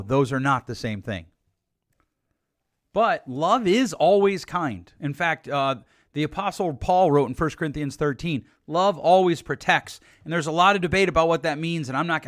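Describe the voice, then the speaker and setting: A man's voice: fairly high pitch, fairly bright tone, dry recording, studio quality. A middle-aged man hosting a solo relationship advice podcast, blunt and emphatic as he urges listeners to change. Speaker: podcast host.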